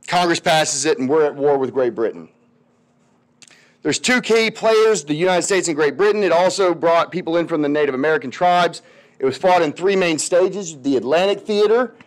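In a relaxed classroom lecture, a high-voiced man with a drawl talks history with his students like it's a conversation. Slang runs all through it, and he keeps putting on small voices for whoever he's quoting.

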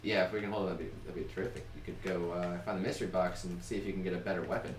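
A young man chatting casually while playing a video game with his wife, bossy and prone to sudden shouts. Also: sits low, fairly even intonation, racing, reverberant, recorded from a distance, slight background noise. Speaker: gamer. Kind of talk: casual gameplay chat.

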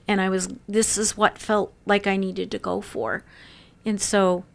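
A woman around sixty telling stories in an interview, lively and laughing often. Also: medium pitch, measured pace, creaky, a little hiss or hum. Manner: lively storyteller who laughs often and acts out quoted voices. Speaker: interview guest. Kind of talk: casual storytelling interview.

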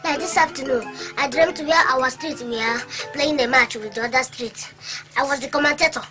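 A cheeky, daydreaming son with a Nigerian English accent and a very high, piping voice. He stammers over his words, boasts and wheedles, comic film style. Music plays clearly under the dialogue. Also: a little fast, sharp tone, low-quality recording. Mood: evasive. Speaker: film actor. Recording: film audio with soundtrack music.

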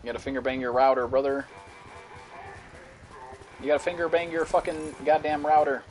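A man's voice: on the high side, level tone, fairly quick. Cursing young male game streamer. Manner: profane, frustrated, rants and yells at the game. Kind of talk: live gameplay commentary. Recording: music playing behind the voice.

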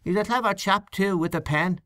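A man's voice: sits high, moderate pace, fairly bright tone, dry recording, clean studio sound. A man reading an audiobook, voicing a weary, doubtful male canvasser who speaks mildly.

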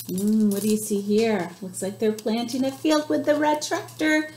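A woman who works as a children's librarian, reading a picture book aloud with animated gasps and animal noises. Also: a little high, unhurried, echoey room, slight background noise.

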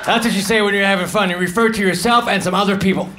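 Male stand-up, high voice, dry deadpan one-liners, muttered asides, noisy live club recording. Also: fast, hardly any pauses. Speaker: stand-up comedian.

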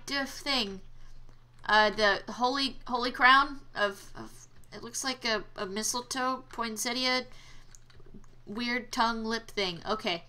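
A woman's voice: on the high side, takes it slowly, pushed and bright. A young woman giving casual let's-play commentary, exclaiming at failures and trading sarcastic asides with the game. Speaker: gameplay commentator.

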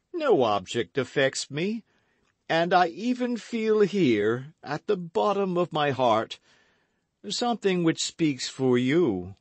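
A man voicing a vain, boastful musketeer who speaks in a grand, declamatory way, pitched well above his own voice. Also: dry recording, full character voice.

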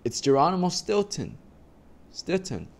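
A man's voice: on the high side, big pitch swings, measured pace, vocal fry, voice pushed up, full character voice. A man voicing a small male robot that repeats its questions in a storybook reading. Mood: excited. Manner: repetitive, questioning.

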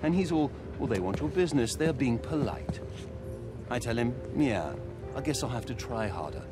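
A man's voice: medium pitch, lively intonation, normal speed, natural voice. An actor playing a worldly male thief who tells a wry anecdote in video game dialogue, with game music playing behind him. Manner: wry, storytelling, drawling.

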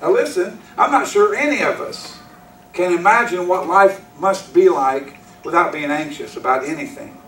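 A man's voice: sits high, normal speed, fairly bright tone, a little hiss or hum. A man preaching a sermon as pastor, driving his points home with repetition and direct questions to the congregation. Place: church sanctuary. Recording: echoey hall, mic from a distance.

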